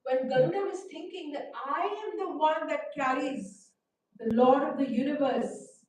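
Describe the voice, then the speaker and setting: A man's voice: very high-pitched, a little slow, a little mellow, very echoey, distant mic, a little hiss or hum, pitched above the performer's own voice, poor audio. A woman voicing a proud, indignant male divine eagle who boasts of his power while telling a scripture story. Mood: arrogant.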